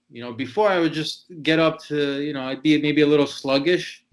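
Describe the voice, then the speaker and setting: A man's voice: on the high side, moderate pace, fairly bright tone, poor audio. A man talking casually in a discussion, rambling with many fillers and asides.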